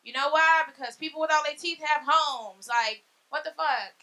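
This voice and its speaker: A woman in her thirties doing a stand-up comedy set on a club stage, brash and profane with loud punchlines. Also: high-pitched, normal speed. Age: 30s. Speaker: stand-up comic.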